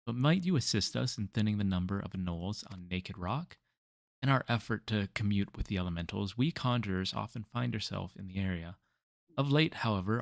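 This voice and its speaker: A formal conjurer makes a measured, earnest request for help, as a man reads the quest text aloud. The voice sits low. Soft game music lies underneath. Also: vocal fry, no echo.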